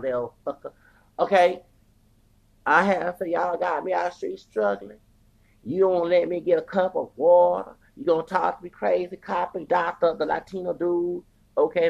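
Gravelly ranting podcast host. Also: mid-range voice, darkish tone, lo-fi sound. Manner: heated, cursing, stumbling restarts, repeated "okay?". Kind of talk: heated profane rant.

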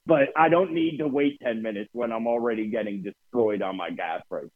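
A man's voice: medium pitch, normal speed, no echo. A man with a New Jersey accent co-hosting a casual podcast, telling profane, ranting stories. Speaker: podcast co-host. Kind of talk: casual chat. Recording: dry tinny phone-like sound.

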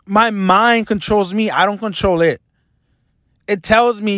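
A man's voice: high-pitched, measured pace, a bit bright, no echo, clean studio sound. Earnest young man confessing on a vlog. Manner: earnest, self-critical, reflective. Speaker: vlogger.

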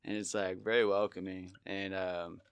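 A man with a fairly low voice, a guest on a podcast, telling stories in an easygoing, laid-back way. His voice is dry and close to the mic. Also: little pitch movement, normal speed, clear, resonant tone, dry recording. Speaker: guest, musician. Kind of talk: casual podcast chat. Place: podcast studio.

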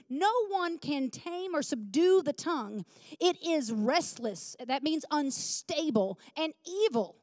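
Woman preacher, high voice, emphatic and chatty, questioning the congregation; dry sound. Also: dry recording. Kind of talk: sermon.

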